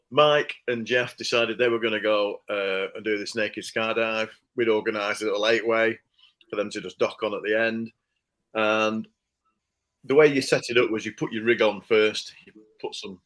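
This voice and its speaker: A man telling a casual anecdote, animated and laughing as he acts out the people he quotes. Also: lowish voice, low-quality recording. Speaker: storyteller.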